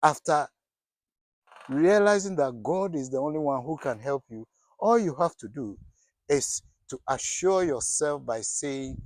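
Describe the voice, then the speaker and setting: A man's voice: a little high, expressive, measured pace, darkish tone, dry recording. A middle-aged man giving a sermon as pastor, asking his listeners questions and often restarting his words. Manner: preaching with rhetorical questions and frequent restarts.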